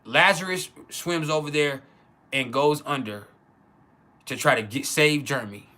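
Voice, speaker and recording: A man telling a personal childhood story in a casual, halting way, with many restarts. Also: fairly high pitch, sharp tone. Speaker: channel host.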